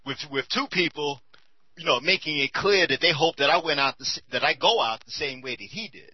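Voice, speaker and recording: A man's voice: a little high, expressive, a little fast, breathy edge, no echo. Man, casual talk, rambling, tired, dry dull sound. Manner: laid-back, rambling, with many fillers. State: tired and a bit high. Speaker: commentator on a talk show.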